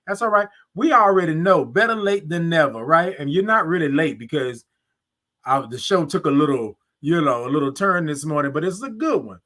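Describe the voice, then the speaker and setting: A man's voice: on the high side, lively intonation, moderate pace, pushed and bright. A man with a Southern US accent hosting a casual live stream, cheerfully greeting viewers by name and stretching out his good mornings. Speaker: live show host.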